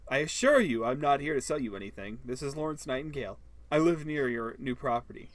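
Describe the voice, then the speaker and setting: A polite, anxious neighbour, played by a man, formal and full of apologies. The voice stays at a medium pitch and is measured and courteous. He is read aloud from a story game. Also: expressive, natural voice. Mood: polite, urgent.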